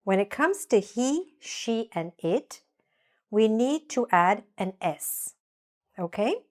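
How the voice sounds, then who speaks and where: Female English teacher, unhurried, patient, drilling grammar by repetition. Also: medium pitch. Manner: slow, deliberate, drills with repetition. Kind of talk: grammar lesson.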